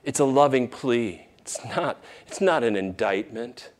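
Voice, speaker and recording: A man pastor preaching a sermon, shifting between raised emphasis and tender, hushed near-whispers in a church. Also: medium pitch, lively intonation, measured pace.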